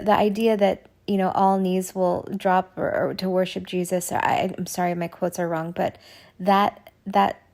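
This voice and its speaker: A woman earnestly telling a spiritual testimony, halting and searching for words, often softening to a near whisper. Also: fairly low pitch, gravelly. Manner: earnest and emotional. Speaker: person sharing a spiritual testimony. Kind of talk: personal testimony monologue.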